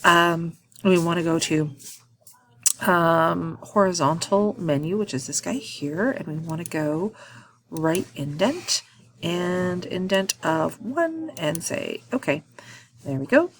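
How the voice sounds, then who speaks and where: A woman walking through a software task in a screen-recorded tutorial, thinking aloud with frequent ums and quick self-corrections. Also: fairly low pitch, animated. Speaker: instructor.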